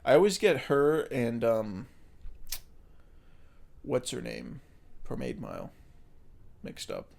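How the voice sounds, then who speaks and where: A man's voice: medium pitch, huge pitch swings, takes it slowly, gravelly, pauses often, darkish tone. A young man co-hosting a podcast, trading movie trivia with a friend, joking, laughing often and muttering asides. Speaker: podcast co-host. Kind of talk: casual banter, movie trivia game.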